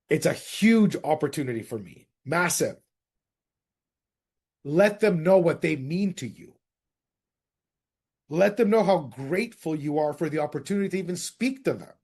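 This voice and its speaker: A man coaching real estate agents in a direct, energetic lecture. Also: high voice, moderate pace. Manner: direct, energetic, addresses group as guys.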